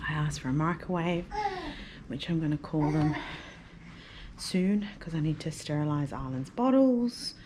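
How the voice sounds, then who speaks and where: A woman's voice: low voice, moderate pace, long pauses, noisy background. A woman vlogging casually from a hotel room, chatty and venting with plenty of fillers, recorded on a phone or camera mic. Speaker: vlogger and mother. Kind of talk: casual vlog chat to camera.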